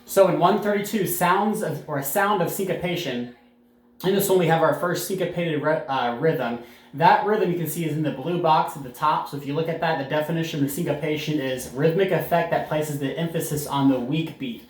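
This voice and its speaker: A man's voice: on the high side, fairly quick. A man teaching a sixth grade band lesson on video, explaining rhythms with frequent fillers and counting beats aloud. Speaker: middle school band teacher. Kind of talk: recorded music lesson. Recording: echoey room sound.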